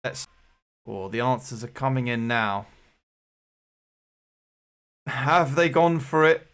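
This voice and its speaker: A man's voice: medium pitch, lively intonation, slow pace, fairly bright tone. A man hosting an online quiz with jokey, rambling game-show patter. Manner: jokey, rambling, playful showman.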